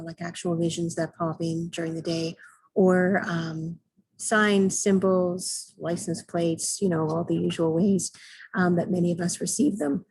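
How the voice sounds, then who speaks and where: A middle-aged woman talking as an intuitive soul guide and mentor in a casual spiritual vlog, calm and hesitant with many ums and throat clears. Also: on the low side, low-quality recording.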